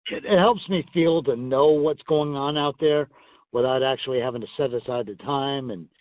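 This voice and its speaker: A man in his fifties tells long, rambling stories about his wrestling days, chuckling as he goes. His voice sits in an ordinary middle pitch. It comes through a narrow, tinny phone line, bone dry with no room around it. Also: normal speed, no echo. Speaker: guest, retired pro wrestler. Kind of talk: casual phone interview storytelling.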